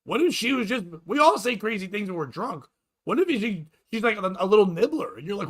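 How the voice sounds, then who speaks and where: A man's voice: sits high, sing-song, a little fast, fairly bright tone, slightly rough. A man hosting a comedy podcast, riffing sarcastically and profanely in casual chat and acting out quotes.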